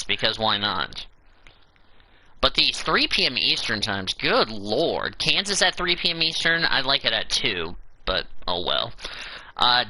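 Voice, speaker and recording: A man's voice: mid-range voice, sharp tone, rough recording. A man hosting a casual show, reading through a schedule and breaking in with exasperated asides. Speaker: show host. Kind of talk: casual podcast commentary.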